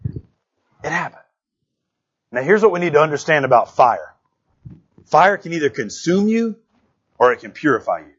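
A man's voice: a little high, sing-song, fairly quick, slightly rough. Folksy man preaching a sermon. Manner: folksy, tells jokes, calls out to the congregation. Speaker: pastor. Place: church sanctuary. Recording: dull, muffled sound.

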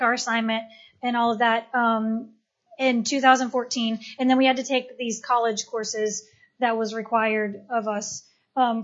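A woman's voice: a little high, fairly bright tone. A woman, a missionary and doula, tells her story to a gathered audience in a chatty, eager way full of fillers. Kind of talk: personal testimony to a gathering. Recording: dull lo-fi recording.

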